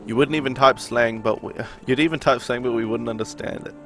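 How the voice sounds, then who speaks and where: A man's voice: mid-range voice, brisk. New Zealand man chatting over game music. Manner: relaxed, rambling, laughs often. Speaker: game streamer. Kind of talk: casual chat while playing, reading out chat.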